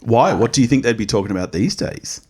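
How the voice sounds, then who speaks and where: A man with a husky voice co-hosts a casual podcast, his pitch swinging in lively arcs. He teases his co-host and breaks into big laughs. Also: quick pace. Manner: teasing and animated, laughs loudly. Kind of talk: casual chat.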